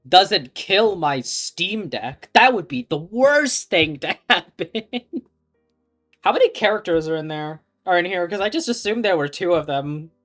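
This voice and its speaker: A young woman streaming a visual novel, chatting casually, laughing often and reading the game text aloud. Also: on the low side.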